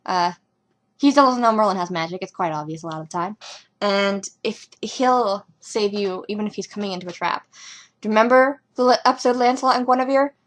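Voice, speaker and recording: A young woman talking casually as a fan reviewing a TV episode, rambling and excitable with lots of ums and likes. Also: mid-range voice, fairly quick. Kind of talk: casual fan reaction commentary.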